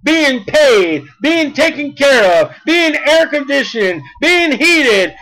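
High-pitched fiery preacher man. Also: sing-song, takes it slowly, few pauses, low-quality recording. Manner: emphatic, shouts at peaks, repetitive cadences. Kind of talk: fiery sermon.

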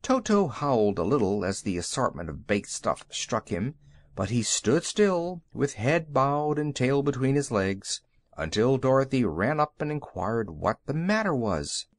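A man narrating a children's audiobook with expressive storytelling. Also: mid-range voice, a little slow, dry recording.

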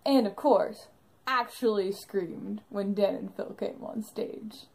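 A woman's voice: medium pitch, takes it slowly, vocal fry, a little mellow, poor audio. A young woman narrating an enthusiastic fan vlog about a live show she went to, in a bubbly storytelling manner.

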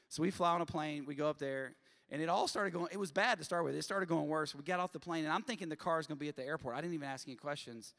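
Gravelly-voiced preacher man in a reverberant hall. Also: quick pace. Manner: animated storyteller, bursts up loud and high for humor. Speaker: college president preaching at chapel. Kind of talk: sermon with storytelling. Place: large chapel auditorium.

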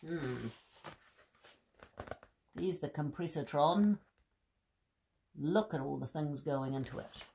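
A woman's voice: low-pitched, slow pace, vocal fry, pauses often, warm tone, a little hiss or hum. A woman reading a bedtime story to children in a playful, chatty way, laughing and commenting on the pictures.

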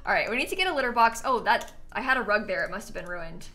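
A woman's voice: medium pitch, lively intonation, fast, bright, forceful tone. A woman streamer chatting casually through her gameplay, giggling often and talking back to her chat.

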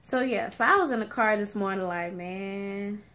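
A woman's voice: medium pitch, expressive, brisk, bright, forceful tone. A woman who teaches sixth grade, talking casually in a faith-based vlog from a car, laughing often and acting out anxious voices. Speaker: vlogger and teacher.

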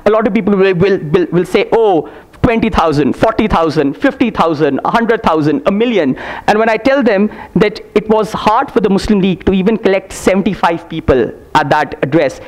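A man speaking as a panelist at a festival discussion, halting with many restarts as he acts out his students' replies. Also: high-pitched. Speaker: panelist, university teacher. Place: festival stage before an audience.

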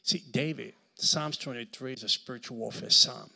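A man with a Puerto Rican accent delivers a sermon as a church guest speaker, his mid-range voice creaky and his pace moderate. Animated stories lead up to loud preaching.

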